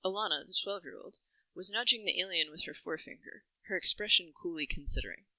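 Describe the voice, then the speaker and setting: A woman reading a first-person story in an even, reflective way, close to the mic. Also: lowish voice, fast talker, no room sound, poor audio. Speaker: narrator.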